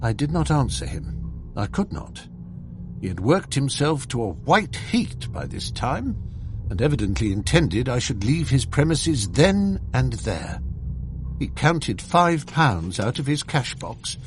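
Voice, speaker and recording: A man narrating an audiobook in an expressive, measured storytelling manner. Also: mid-range voice, a little hiss or hum.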